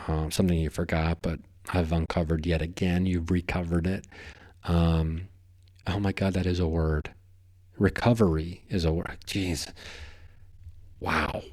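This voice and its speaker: Male podcast host, deep voice, loose and rambling, playful wordplay. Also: darkish tone. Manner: rambling, playful, stumbles over words. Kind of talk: casual podcast monologue.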